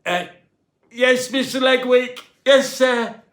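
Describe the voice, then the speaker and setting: A man's voice: on the high side, very animated, takes it slowly, voice pushed up. Man doing a nervous stammering young caretaker. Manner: stuttering, nervous, sheepish. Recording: echoey room.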